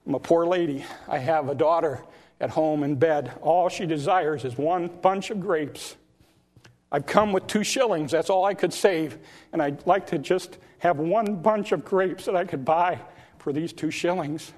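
A man voicing a poor single mother pleading softly for grapes for her sick child. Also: on the high side, unhurried.

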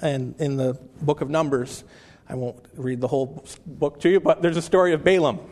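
A man's voice: fairly high pitch, darkish tone. Preacher man in a reverberant hall. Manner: conversational preaching with frequent restarts, slowing for scripture quotes. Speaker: pastor. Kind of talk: sermon.

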